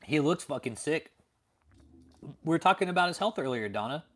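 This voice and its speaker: A man's voice: a little high, lively intonation, moderate pace. A man hosting a late-night livestream, ranting profanely and answering viewers in chat. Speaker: livestream host.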